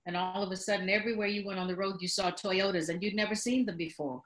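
A woman from London with an American accent, chatting as a guest on a podcast interview, lively and quick to laugh. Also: medium pitch. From London, England. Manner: lively, laughs often, slips into playful voices. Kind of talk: casual interview chat.

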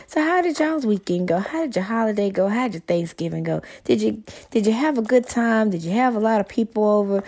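A middle-aged woman vlogging to her viewers in a blunt, profane, excitable monologue. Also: fairly high pitch.

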